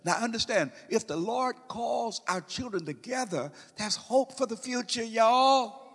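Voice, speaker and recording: A man preaching a sermon in a church, emphatic, swinging between loud calls and hushed low phrases. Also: measured pace, slightly rough, long reverb tail. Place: church sanctuary.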